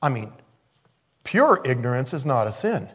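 A man preaching a sermon, telling stories in an animated way and acting out the voices in them. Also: medium pitch, moderate pace, breathy edge. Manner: animated storytelling, acts out quoted voices.

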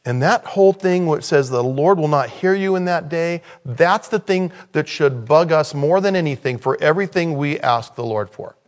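A man preaching a sermon in a conversational way, with sudden loud, high-pitched bursts of emphasis. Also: moderate pace, hardly any pauses. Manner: conversational, thinking aloud. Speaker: pastor.

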